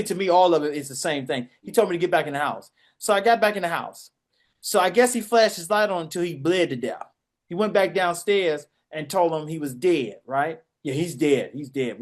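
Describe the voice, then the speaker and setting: Dc man telling a story on a podcast, loud and animated, does all the voices. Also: fairly high pitch. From Washington, DC. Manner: animated, acts out voices and shouts. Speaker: podcast co-host. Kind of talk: casual storytelling.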